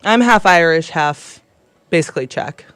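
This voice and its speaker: A woman co-hosting a morning radio show, chatting in animated, casual banter and laughing easily. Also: deep voice, moderate pace, dry recording.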